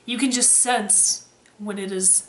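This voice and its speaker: A woman's voice: mid-range voice, steady tone, slow. Sarcastic young woman vlogger, roomy echo. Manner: sarcastic, swears freely, dry humor. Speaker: vlogger, former waitress. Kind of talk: casual chat to camera.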